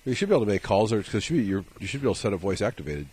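Fast, lively, husky man co-host. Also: on the low side. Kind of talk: casual podcast banter.

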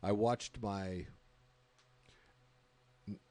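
A man's voice: on the low side, steady tone, very slow, darkish tone, no echo. A man hosting a casual conversation, setting up scenarios and laughing along.

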